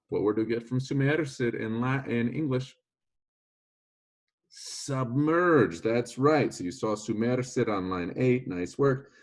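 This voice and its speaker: Playful man teaching a Latin class online. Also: mid-range voice. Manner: playful, jokey asides. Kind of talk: online lesson.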